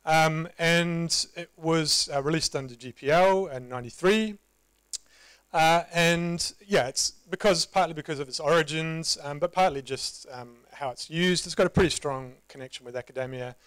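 Relaxed New Zealand man giving a talk. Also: fairly high pitch, moderate pace, clear, resonant tone, no room sound, low-quality recording. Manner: relaxed, conversational, self-deprecating humor. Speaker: conference presenter. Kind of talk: casual live tech talk. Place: meetup presentation room.

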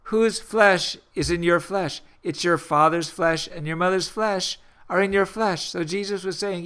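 A man hosting a radio sermon, preaching earnestly with emphatic rises and slow, drawn-out phrases. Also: sits high, a bit bright, clean tone. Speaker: podcast host and minister.

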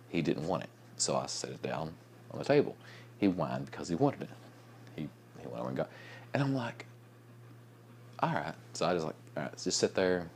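Very deep-voiced sleepy man. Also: creaky, slight background noise. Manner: rambling, with restarts, soft chuckles. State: sleepy, yawning a lot. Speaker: vlogger. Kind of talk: late-night casual vlog chat.

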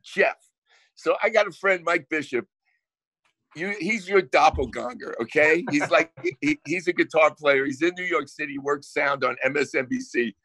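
A man with a New Jersey accent tells brash, salty stories in a bright, forceful voice pitched a little high. His voice sounds dry and close, with no room around it. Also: moderate pace, no echo. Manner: brash storytelling, swears freely. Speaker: guest songwriter. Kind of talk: casual podcast chat.

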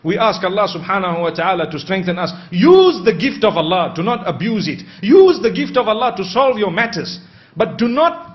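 A man preaching a sermon, measured and posing rhetorical questions he then answers. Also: high voice, animated. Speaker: Islamic preacher. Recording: dull lo-fi recording.

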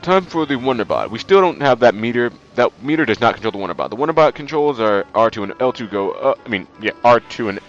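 Talking fast with few pauses, a man with a mid-range voice and a stuffy nose narrates a let's play in an animated, rambling, chatty way, using many fillers. The audio is dull and lo-fi, and faint game music plays in the background.

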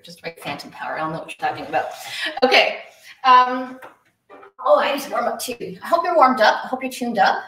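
A woman's voice: mid-range voice, bright, forceful tone, far from the mic. A woman runs a live violin lesson with a chatty, upbeat manner and greets viewers by name. She stands some way from the microphone in a reverberant room. A faint hiss sits under her voice. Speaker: violin teacher hosting a livestream. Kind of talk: live online lesson, reading chat.

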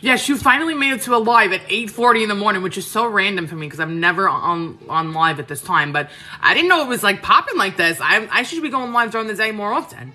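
A woman's voice: mid-range voice, lively intonation, fast, sharp tone. A woman, chatting casually with viewers on a livestream from her home kitchen, frank and full of fillers. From Queens, New York. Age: 30s. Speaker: cooking livestream host. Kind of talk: casual live chat answering viewers.

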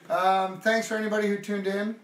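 A man's voice: sits high, little pitch movement, a little fast, fairly bright tone, far from the mic. A man hosting a music livestream from home, chatting in a rambling, easygoing way between songs. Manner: rambling, easygoing, thinks aloud. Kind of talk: casual chat between songs. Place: at home, with his dog nearby. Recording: echoey room with guitar.

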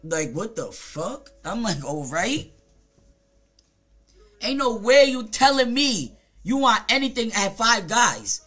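A streamer from Jamaica with a Jamaican accent, telling a story in a casual, profane, rambling rant full of fillers and quick mimicked asides. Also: mid-range voice, sing-song, fairly bright tone, faint music behind. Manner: mimics other people in short quoted asides.

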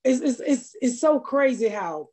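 A brash woman comic swapping crude stories in loose podcast banter. Her voice has a husky grain. She jumps into little acted-out quotes as she goes. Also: high-pitched, lively intonation, measured pace, dark tone. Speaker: comedian host. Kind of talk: casual podcast chat.

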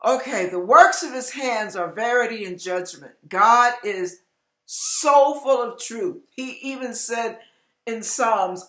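A woman preaching an emotional sermon, fervent and emphatic, sometimes breaking into loud cries. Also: medium pitch, reverberant. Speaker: online preacher.

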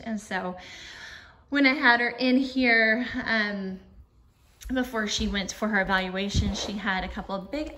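A woman's voice: medium pitch, unhurried, bright, forceful tone. A middle-aged woman chatting casually to her phone camera in her living room, cooing in baby-talk to her dog between remarks to viewers. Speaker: vlogger. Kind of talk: casual chat. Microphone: phone camera in landscape mode.

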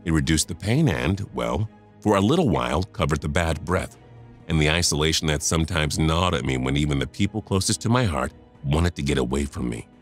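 A man's voice: a bass voice, lively intonation, fairly quick, faint music behind. A man in his fifties narrating a first-person story, confiding and talking straight to the listener.

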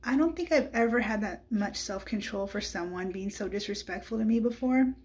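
Woman sharing her faith story, chatty and candid, lots of "like" and "right?", mid-pitched voice. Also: fairly quick, a little mellow, breathy edge. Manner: candid, conversational, with frequent "like" and "right?" asides. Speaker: speaker giving a Christian testimony. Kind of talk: personal testimony storytelling.

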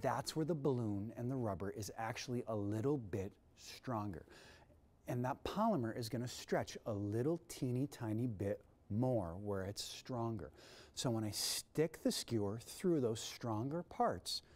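A man hosting a kids' science demonstration in a TV studio, energetic and showy, with big swings in pitch and loudness. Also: a little slow. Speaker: science presenter for kids.

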